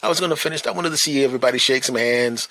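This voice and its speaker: A man's voice: mid-range voice, rapid-fire, sharp tone, dry recording. A man, a stand-up comedian hosting a podcast, telling a casual story and checking in with "right?" and "you know.".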